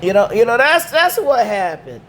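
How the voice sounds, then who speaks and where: A man's voice: extremely high pitch, very animated, moderate pace, a bit bright, a little hiss or hum. A man with damaged vocal cords, ranting in a rambling, repetitive, slangy way. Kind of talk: casual rant to camera.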